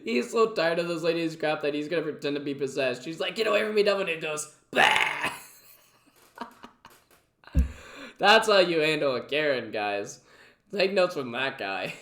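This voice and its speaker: A man's voice: a little high, lively intonation, normal speed, a bit bright, echoey room, a little hiss or hum. A man casually reacting to clips, chatty and full of fillers. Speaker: reaction video host.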